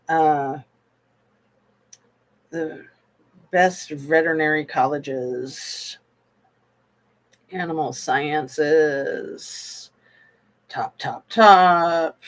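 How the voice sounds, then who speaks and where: A woman hosts a casual livestream, unhurried and rambling, with many pauses and fillers. Her voice sits a little low for a woman, and she answers viewer comments as she goes. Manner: slow, meandering, with frequent pauses and fillers; reads viewer comments aloud and answers them. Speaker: livestream host. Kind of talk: casual livestream chat about a true crime case.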